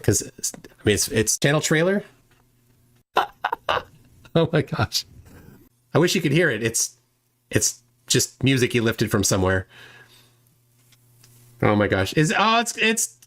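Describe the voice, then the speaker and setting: A man's voice: mid-range voice, sing-song, measured pace, pauses often, a bit bright. A man co-hosting a casual livestream, amused and exclaiming, often dismissive.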